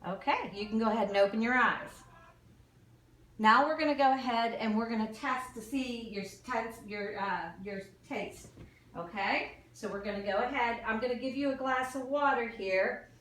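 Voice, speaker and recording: Woman giving calm clinical instructions, echoey room. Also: fairly high pitch, moderate pace, distant mic. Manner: calm step-by-step instructions with fillers. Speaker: nursing student doing an exam demo.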